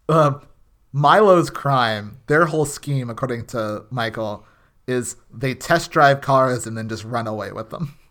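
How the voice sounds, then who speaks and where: A man co-hosting a podcast, talking through an episode in a loose, rambling way. He stops and restarts often and leans on filler words. His voice sits at an average pitch for a man. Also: takes it slowly, pauses often, a bit bright. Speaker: podcast co-host. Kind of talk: casual chat.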